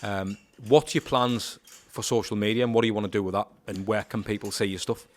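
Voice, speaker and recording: A man hosting a casual podcast interview, thinking out loud and summing up his guest's points with tag questions. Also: on the low side, fairly even intonation, a little fast. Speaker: podcast host.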